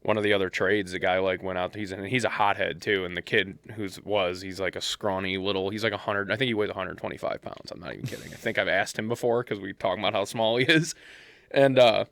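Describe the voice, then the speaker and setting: Casting: low-voiced man, podcast co-host, swears freely, gets worked up fast, dry close-mic sound. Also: fairly even intonation, fairly bright tone, dry recording. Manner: profane, heated storytelling. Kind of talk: casual chat.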